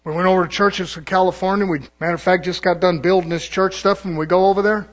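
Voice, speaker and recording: A pastor with a high voice preaches to his congregation. The man is folksy and conversational. He drops into quick imitations of other preachers. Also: fairly even intonation. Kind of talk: sermon.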